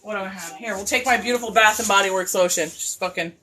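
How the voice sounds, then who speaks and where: A woman hosting a live stream from home, ranting with emphatic, profane force and swinging between loud and hushed talk. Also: mid-range voice, fast, heavy background noise. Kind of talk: impassioned live rant.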